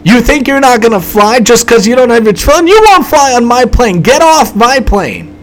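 A man voicing an angry, bossy airline pilot who shouts orders, pitched far above his own voice. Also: lively intonation, normal speed, slight background noise. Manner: shouting, commanding.

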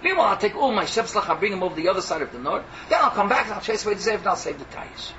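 Excitable preacher. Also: male voice, high voice, very fast, recorded from a distance, dull audio, a little hiss or hum. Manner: excitable, mixes in Hebrew and Yiddish phrases. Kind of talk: animated sermon storytelling.

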